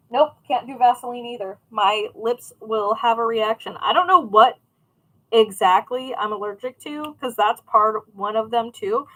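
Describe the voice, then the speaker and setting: A young woman chats loosely with her live viewers while she works on a craft, reading their comments aloud and answering as she goes. Her voice sits a little high, and she rambles through stories with plenty of "like" and "um" along the way. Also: a bit bright, low-quality recording. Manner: chatty, rambling, reads and answers chat. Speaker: crafting livestream host. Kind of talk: casual chat with live viewers.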